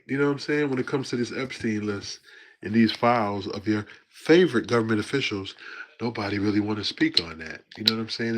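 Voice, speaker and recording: A man's voice: on the low side, a bit bright. A man hosting his own livestream, commenting in a laid-back, slangy way with lots of fillers. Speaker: livestream host.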